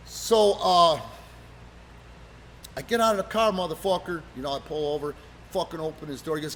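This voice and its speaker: A man casually telling rough road stories from his wrestling days, swearing freely and loudly acting out what people said. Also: on the high side, a little fast, long pauses, slight background noise. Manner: profane, animated, acts out quotes loudly. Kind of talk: casual storytelling chat.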